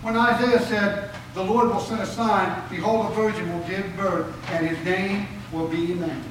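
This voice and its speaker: A high-pitched man preaching a sermon, his voice heard from a distance in a very echoey hall. He fires questions at the congregation and answers them himself with emphatic rises and drops. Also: fairly even intonation, moderate pace, noisy background.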